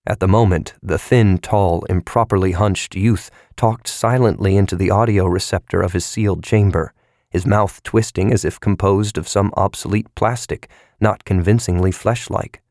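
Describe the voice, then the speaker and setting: Male audiobook narrator, low register, dry studio read, measured and even. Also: no room sound. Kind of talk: scripted narration.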